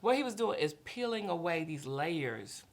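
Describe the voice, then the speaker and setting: A woman's voice: on the low side, moderate pace. A middle-aged woman co-hosting a candid faith talk, telling stories and acting out dialogue with God. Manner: animated storyteller, acts out dialogue with God. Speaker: podcast co-host, mother.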